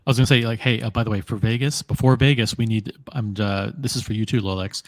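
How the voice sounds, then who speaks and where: Podcast co-host, male, animated and repetitive, dry close studio mic. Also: fairly low pitch, fast, dry recording. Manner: animated, riffing, repeats himself. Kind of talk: casual panel chat.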